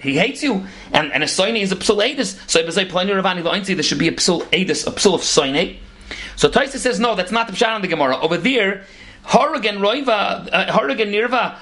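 Fast-talking man teaching Talmud. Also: sits high. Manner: rapid, animated explaining with Hebrew and Yiddish terms mixed into English. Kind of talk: Talmud lecture.

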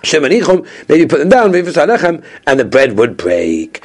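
A man giving a daily Talmud lesson, lecturing quickly and mixing Hebrew and Aramaic terms into his English. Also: medium pitch, expressive. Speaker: Talmud teacher.

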